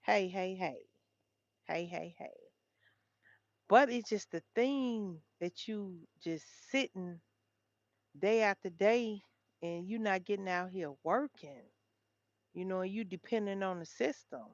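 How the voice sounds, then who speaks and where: A woman's voice: mid-range voice, slow, long pauses, no room sound, lo-fi sound. A woman hosting a casual livestream, chatting with viewers and reading headlines aloud. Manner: chatty, talks straight to viewers. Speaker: livestream host.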